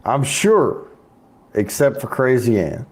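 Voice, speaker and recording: A man in a casual group chat, talking slowly and hesitantly, stopping and restarting as he tells a joke. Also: medium pitch, big pitch swings, a little mellow. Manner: slow, hesitant, stops and restarts with fillers. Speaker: chat participant.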